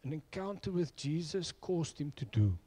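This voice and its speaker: A man's voice: fairly high pitch, animated, normal speed, warm tone, slightly rough. A middle-aged man preaching a sermon, telling personal stories in an earnest way. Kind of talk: sermon with storytelling.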